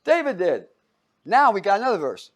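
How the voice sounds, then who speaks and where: Pitched high and swinging widely in tone, a man talks at normal speed while teaching a Bible study. His sermon is casual and story-driven, and he keeps chuckling and quizzing his listeners.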